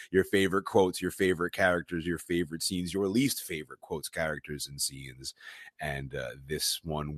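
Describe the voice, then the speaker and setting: A man co-hosting a casual podcast chat, relaxed and playful. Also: low voice, no room sound, studio quality. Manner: relaxed, playful, jokes along. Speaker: podcast co-host.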